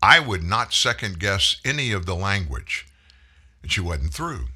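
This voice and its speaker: A man with a low-pitched voice and a sharp, bright edge that cuts through every phrase. He hosts a political monologue in a scornful, folksy way, swinging his pitch up and down as he mocks. His speech lilts widely rather than staying level. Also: big pitch swings, unhurried, slightly rough. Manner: mocking, folksy, scornful asides. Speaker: political commentary host. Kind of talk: opinionated monologue.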